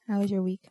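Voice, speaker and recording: A woman's voice: mid-range voice, mellow, husky, no echo, studio quality. A woman co-hosting a podcast in casual chat, playful and teasing, laughing often. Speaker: podcast co-host.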